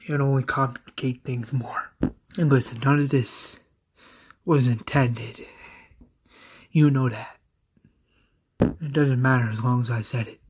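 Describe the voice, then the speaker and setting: A man's voice: medium pitch, slightly rough. A man voicing a brooding male survivor in a retold story, speaking earnestly and pleadingly.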